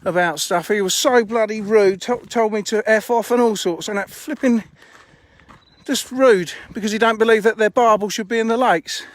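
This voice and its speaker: This man's voice is high and moderately paced as he streams live on his phone, walking around the fishing lakes he owns. He talks bluntly outdoors, a bit out of breath, with casual swearing.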